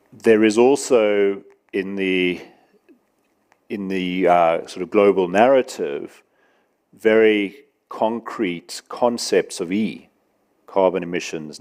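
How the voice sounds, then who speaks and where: Low-voiced man fielding questions. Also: a little mellow. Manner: measured, explanatory, with some restarts. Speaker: panel speaker answering audience questions. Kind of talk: conference Q&A.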